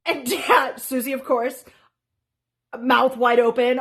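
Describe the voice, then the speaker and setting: A woman telling a story in casual chat, animated and often breaking into laughter. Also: high voice, takes it slowly.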